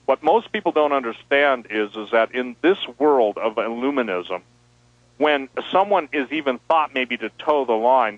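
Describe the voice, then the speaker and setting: A man's voice: medium pitch, dry recording, phone-quality sound. A man as a guest on a talk radio show, speaking emphatically and animatedly. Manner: emphatic, animated, quotes people in voices. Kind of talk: radio interview over a line.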